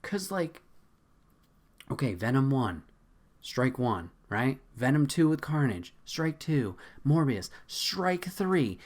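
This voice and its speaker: A man's voice: mid-range voice, sing-song, slow pace. A man hosting a podcast in a casual, profane, exasperated rant, laughing often. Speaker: podcast host.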